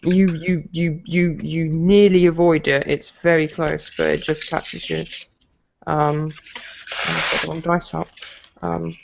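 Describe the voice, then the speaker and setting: A man narrating a tabletop game as game master, often halting and restarting as he describes the combat. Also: on the high side, little pitch movement, vocal fry. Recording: lo-fi mic with faint noise.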